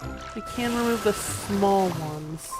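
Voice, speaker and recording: A woman streamer chatting casually while she plays a game, meandering and hesitant, often dropping to a soft murmur as she focuses. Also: medium pitch, slow pace. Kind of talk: casual gameplay commentary. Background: game music.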